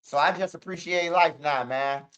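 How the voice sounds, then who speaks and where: A man's voice: on the high side, normal speed, fairly bright tone, clear, resonant tone, lo-fi sound. A young man with a Chicago accent telling street stories in loose, profane casual talk. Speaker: interviewee. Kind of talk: casual storytelling.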